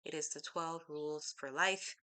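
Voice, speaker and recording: Low-voiced middle-aged lady rambling on her channel, sharp bright tone, laughs at her own slips. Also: steady tone, normal speed. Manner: chatty, rambling, self-correcting with laughs. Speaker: vlogger; teacher. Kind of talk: casual chat to camera.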